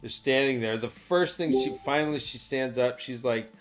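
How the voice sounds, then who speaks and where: A man's voice: medium pitch, normal speed, soft background music. A man casually recapping book chapters on a podcast, animatedly acting out the characters' lines. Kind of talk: casual chat.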